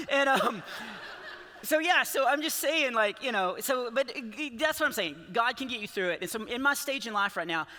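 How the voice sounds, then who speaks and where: A man's voice: extremely high pitch, expressive, normal speed, pushed and bright. A man in his forties doing rambling, self-deprecating stand-up comedy in a church, often laughing at his own jokes. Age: 40s. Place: large church hall with a live audience. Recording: long hall reverb.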